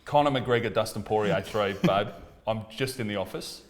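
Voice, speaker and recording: An Australian man in his thirties, a comedian telling loud, profane, animated stories in casual chat. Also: on the low side, normal speed. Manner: loud, swearing, animated bits. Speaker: comedian podcast co-host.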